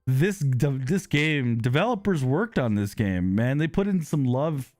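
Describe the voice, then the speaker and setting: A man hosts a live gaming stream, reading chat and reacting to the match with bursts of excitement and apologetic laughter. His voice sits at an ordinary middle pitch. He is close to a dry desk microphone, with faint game music in the background. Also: unhurried, no echo.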